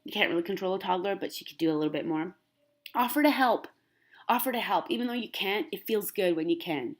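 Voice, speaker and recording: A young woman with a slightly low-pitched voice, talking casually to her viewers. She rambles in a chatty, animated way and fills her sentences with "like". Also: quick pace. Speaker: vlogger. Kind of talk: casual chat to camera.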